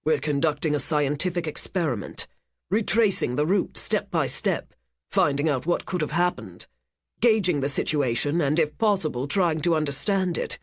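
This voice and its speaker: A narrator voicing a rich casino owner, a man who speaks with smooth, menacing charm. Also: mid-range voice, animated, normal speed, no echo, studio quality, lightly acted. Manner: smooth, commanding, cutting. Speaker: cruise ship owner.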